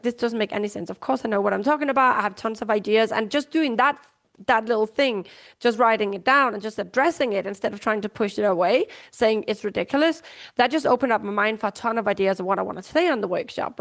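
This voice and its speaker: A woman hosting a life coaching podcast from home, talking casually and acting out little voices as she explains. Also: on the high side. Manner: chatty, acts out little voices, swears casually. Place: at home, sitting down.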